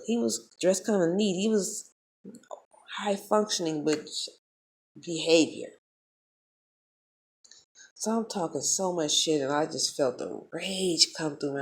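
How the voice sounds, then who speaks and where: A low-pitched woman tells a story straight to her audience. She talks in a heated, profane and animated way, in the loose flow of a casual vlog. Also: unhurried, long pauses. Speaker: vlogger.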